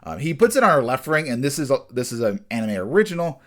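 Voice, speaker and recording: A man's voice: medium pitch, sing-song. A man casually reviewing an anime episode. He rambles, restarts his sentences often and jumps in and out of characters' lines. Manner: rambling, with frequent restarts and fillers; acts out characters' lines in quick bursts.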